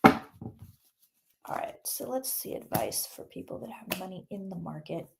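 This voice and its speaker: A woman reading tarot cards on a casual livestream, chatty and excitable, greeting viewers by name and swearing mildly. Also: medium pitch, unhurried, gravelly, pauses often, a little hiss or hum.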